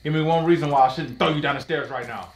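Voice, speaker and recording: An actor playing a menacing old man who taunts and shouts threats at the player. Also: a little high, quick pace, lightly acted.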